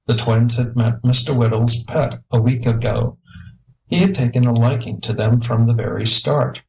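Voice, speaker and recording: Give me a man with a gravelly voice narrating a children's story in a steady way. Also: medium pitch, normal speed, poor audio. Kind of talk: reading a children's story aloud.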